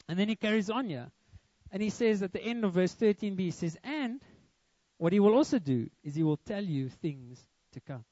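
A man's voice: sits high, lively intonation, moderate pace, dark tone, no room sound, dull audio. A young man preaching a sermon, earnest and emphatic, with a lot of repetition. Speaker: pastor.

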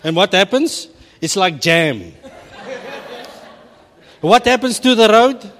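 A middle-aged South African preacher tells his sermon with humor and animated storytelling. His fairly high voice rises and falls constantly. A long hall reverb trails every line. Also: slow, long pauses.

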